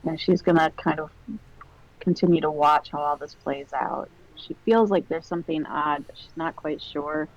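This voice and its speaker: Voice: mid-range voice, steady tone, moderate pace, dull audio. A player hesitantly describing a character's intentions in a tabletop game. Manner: hesitant, many fillers.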